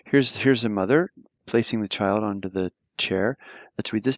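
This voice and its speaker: A man's voice: on the low side, brisk, no room sound, dull audio. A man teaching a German grammar lesson, explaining patiently with lots of fillers and restarts. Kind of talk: live online grammar lesson.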